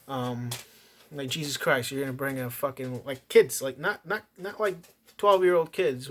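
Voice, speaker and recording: A man with a medium-pitched, slightly bright voice casually reviews a movie. It turns into a rambling, profane rant, heavy with swearing and full of restarts.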